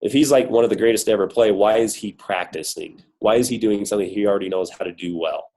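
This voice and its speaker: Man, has a cold, worn voice, fairly low pitch, upbeat motivational coaching talk, emphatic. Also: fast talker, a little mellow, rough recording. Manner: upbeat, emphatic, full of rhetorical questions. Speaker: corporate guest speaker on a team call.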